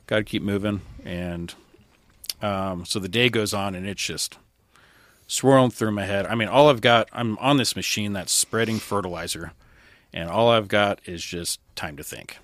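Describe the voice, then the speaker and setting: Low-voiced man telling his story candidly. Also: normal speed, a bit bright, no echo, clean studio sound. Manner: candid, conversational, quoting others as he tells it. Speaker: podcast guest, firefighter. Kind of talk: casual storytelling.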